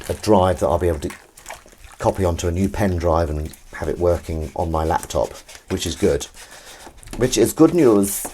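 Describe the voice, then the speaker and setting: A man with a low voice hosts a casual live stream from his home kitchen, rambling through stories and coaxingly calling his cat. There's noise in the background.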